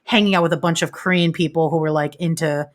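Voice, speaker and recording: A young adult woman, a guest on a podcast, chatting casually and swearing freely in quick bursts. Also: deep voice, steady tone.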